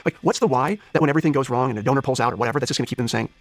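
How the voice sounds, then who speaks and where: Guy in his 30s, political guest, earnest, husky voice, rattles along fast. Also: medium pitch. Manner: earnest, searching, many restarts. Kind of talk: interview conversation.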